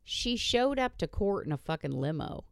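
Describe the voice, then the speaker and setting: A woman's voice: lowish voice, big pitch swings, normal speed, vocal fry, no room sound. Woman podcaster ranting, lots of cussing, voice jumps all over, dry close sound. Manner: blunt, profane ranting. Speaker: podcast host. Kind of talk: casual chat.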